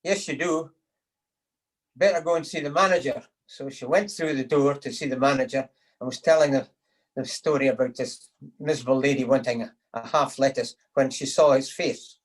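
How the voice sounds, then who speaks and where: A man's voice: medium pitch, little pitch movement, moderate pace, rough recording. A man telling jokes at a supper over a video call, acting out the quotes and chuckling at his own punchlines. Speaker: speaker giving a toast to the lassies. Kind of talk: after-dinner joke telling.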